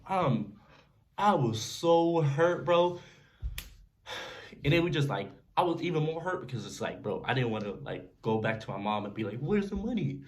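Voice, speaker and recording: A young man casually telling a story to camera in a slangy, animated way, often checking in with the listener. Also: medium pitch, normal speed. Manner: animated, slangy storytelling with frequent "you feel me". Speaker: vlogger.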